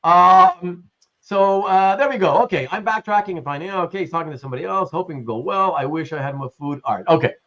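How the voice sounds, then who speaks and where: A man's voice: high-pitched, animated, fast, a bit bright. A man hosting a casual livestream, chatting and reading viewers' messages aloud with frequent laughs. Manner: chatty, laughs often, reads chat aloud. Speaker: livestream host. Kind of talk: casual live-stream chat. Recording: muffled lo-fi stream audio.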